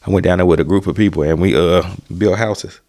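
Young male co-host, low voice, relaxed teasing banter. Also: fast. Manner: teasing, laid-back. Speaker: podcast co-host. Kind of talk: casual banter.

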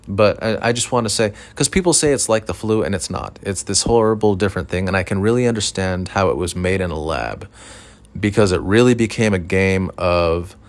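A man telling a rambling, profane, self-deprecating story in a casual monologue, with lots of fillers. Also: low-pitched. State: recovering from illness, short of breath at times. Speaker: podcast host.

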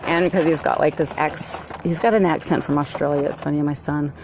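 A middle-aged American woman talks in a low, gravelly voice, wandering from thought to thought with plenty of ums and restarts. A faint hum of vehicle and outdoor noise sits behind her. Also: fairly even intonation, brisk, a little mellow. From United States. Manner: rambling, meandering, with many fillers and restarts. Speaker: vlogger. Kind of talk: rambling personal monologue.

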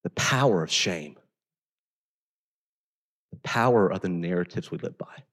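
A man preaching a sermon as pastor, talking conversationally and swinging between intense emphasis and quiet storytelling. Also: low-pitched, animated, a little slow, in a large hall.

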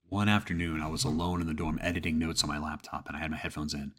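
A man reads a creepy first-person horror story in a steady, storytelling manner. His voice is very deep and sits low. It has a husky, slightly rough grain. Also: fast. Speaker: narrator. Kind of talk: scripted horror story narration.

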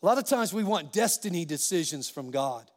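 A man delivers a sermon from the pulpit in a high, bright-pitched voice. He tells stories with animation, acting out the quoted voices. The sound carries a long reverb, like a church sanctuary. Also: lively intonation, a little fast. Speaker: pastor.

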